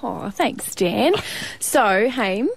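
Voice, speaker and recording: A woman's voice: a little high, lively intonation, very slow, vocal fry, husky, no echo. Dry, close woman presenter. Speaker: radio presenter. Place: radio studio.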